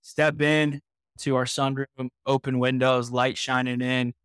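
A man's voice: mid-range voice, level tone, measured pace, a bit bright, smooth, dry recording, studio quality. A man in his twenties from Indiana, a podcast guest earnestly recounting his personal story with frequent restarts.

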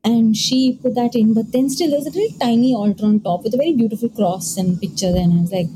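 A woman from India chatting casually, telling a personal ghost story with quick asides and acted-out quotes. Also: fairly high pitch. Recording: steady background noise.

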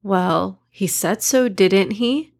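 A woman voicing an upset, earnest young boy in a storybook, lifting her voice higher and brighter. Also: slow, creaky. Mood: aggrieved.

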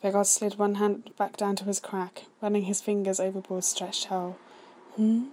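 Woman reader, steady soft narration, mid pitch, reading aloud. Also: moderate pace, a little hiss or hum. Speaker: story reader. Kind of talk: read-aloud fan fiction narration.

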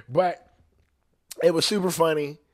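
Rambling, profane man riffing casually. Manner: rambling and profane, constantly asking "you know what I'm saying"; animated, pitch and loudness swinging widely between phrases. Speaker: podcast host. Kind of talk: casual comedic monologue.

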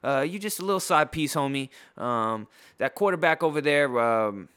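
A man from San Diego ranting as a podcast host, loud and trash-talking, a little tipsy, with lots of restarts. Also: medium pitch, animated, moderate pace, clean tone. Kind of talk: profane sports rant.

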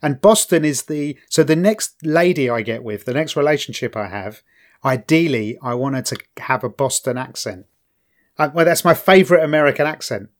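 A man's voice: a little high, lively intonation, moderate pace. A man co-hosting a podcast in casual chat, chatty and stumbling over words, laughing often. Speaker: podcast co-host.

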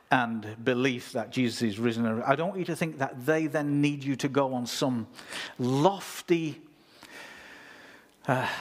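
A man preaching a sermon in a conversational way, talking straight to the congregation. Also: medium pitch. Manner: conversational preaching, reads scripture, asks listeners.

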